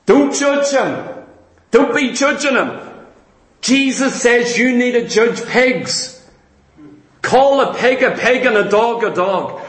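A man's voice: very high-pitched, roomy sound, low-quality recording. A man preaching a sermon, emphatic, asking and answering his own rhetorical questions.

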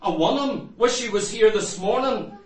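Fervent preacher guy, really high voice, keeps asking the crowd questions, echoey church. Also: animated, moderate pace. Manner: fervent, repeats rhetorical questions to the congregation. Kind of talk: sermon. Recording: echoey room, mic far off.

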